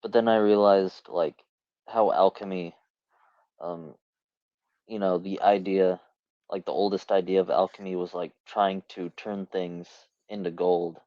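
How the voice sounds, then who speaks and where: Man, very deep voice, thoughtful podcast co-host, dull dry lo-fi recording. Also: fairly even intonation, unhurried, no room sound. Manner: thoughtful, hesitant with fillers. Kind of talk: casual podcast chat.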